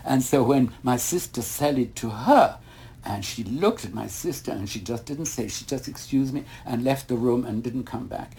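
A man's voice: mid-range voice, moderate pace, slightly rough. An older man, a retired ballet master, telling long rambling stories in a casual interview. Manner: rambling anecdotes, animated when retelling mishaps.

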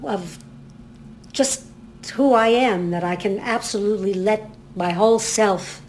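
An older woman chats about a stage show in a casual interview, circling back and restarting her sentences as she goes. Her voice sits at a middling pitch. A faint hiss of noise runs under the recording. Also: unhurried. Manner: rambling, many restarts, animated storytelling. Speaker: community theater actress, interview guest.

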